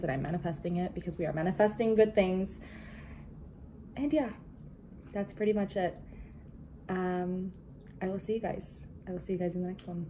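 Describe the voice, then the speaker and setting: A young woman and new nursing graduate talking to her viewers in a casual vlog, chatty and excited, with many fillers and some nervous laughter. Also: on the low side, a little hiss or hum. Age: young adult.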